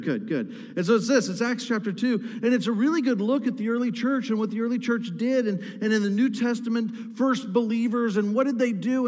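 High-voiced pastor preaching in a hall. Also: male voice, a little mellow. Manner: emphatic, repeats key words, asks the congregation questions. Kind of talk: sermon.

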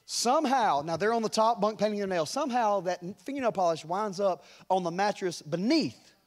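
A middle-aged male pastor preaching a sermon, telling a family story with chuckles and animated delivery. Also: high voice, brisk.

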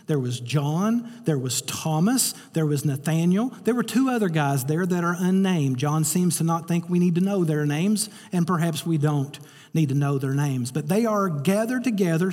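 A man's voice: on the high side, darkish tone. A man preaching a sermon, telling a story and acting out the voices he quotes. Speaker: pastor. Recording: reverberant hall.

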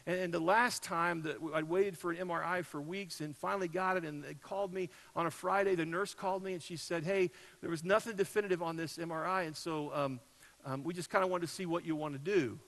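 A man preaching a sermon, telling a personal story in a conversational way, with loud peaks and soft drops. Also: a little high, fairly even intonation, brisk, rough recording. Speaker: pastor.

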